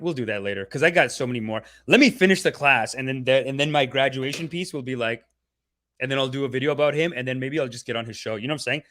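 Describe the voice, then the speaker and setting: Chatting casually with his audience, a young man runs a livestream and rambles playfully as he addresses the chat. His voice is medium in pitch and a bit bright.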